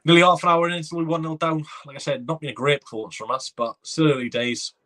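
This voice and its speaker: A man hosting a live reaction watchalong, excitable and chatty, reading viewer comments aloud. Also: a little high, fast. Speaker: fan watchalong host.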